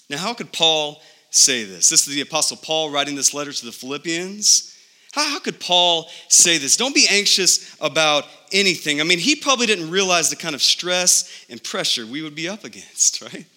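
A man's voice: a little high, expressive, moderate pace, bright, forceful tone. A man preaching a sermon as a pastor, emphatic and full of rhetorical questions. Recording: long reverb of a large hall.

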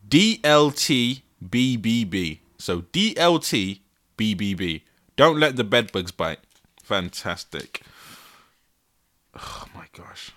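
Young male podcast host, bright voice, animated and exasperated, laughs often. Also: lowish voice. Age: 20s. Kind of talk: casual solo podcast. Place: his bedroom.

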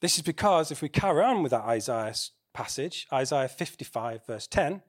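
A man's voice: medium pitch, lively intonation, normal speed. A man preaching a sermon in a conversational way, asking the congregation questions.

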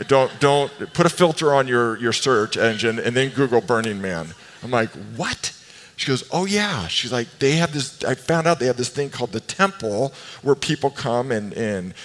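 A man's voice: mid-range voice, normal speed. Man preaching in a big echoing hall. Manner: animated, emphatic preaching with playful asides. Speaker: pastor. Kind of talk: sermon. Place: church sanctuary. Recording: long reverb of a large hall.

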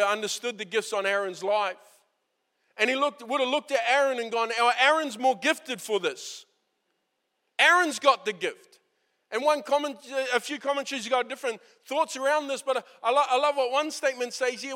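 A New man preaches a sermon in a high, bright voice. His delivery is conversational and earnest, and he acts out quoted lines. A long hall reverb trails behind every phrase. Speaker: pastor.

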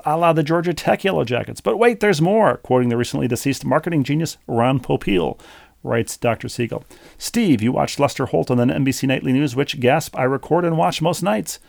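A man's voice: medium pitch, vocal fry, a little mellow, no room sound. A middle-aged man co-hosting a podcast, chatting casually and reading a listener's email aloud in a dry, wordy, playful way. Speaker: podcast co-host.

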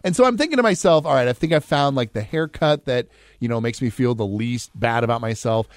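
A man's voice: medium pitch, a little fast, no echo, studio quality. A man from Iowa co-hosting a radio show, easygoing and self-deprecating in casual banter. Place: radio studio. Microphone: studio mic.

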